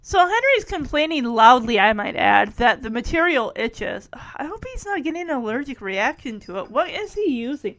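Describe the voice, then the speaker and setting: A woman's voice: a little high, big pitch swings, normal speed, few pauses, fairly bright tone, dry recording. A middle-aged woman chatting casually through an episode recap, rambling with little laughs. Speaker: show recapper.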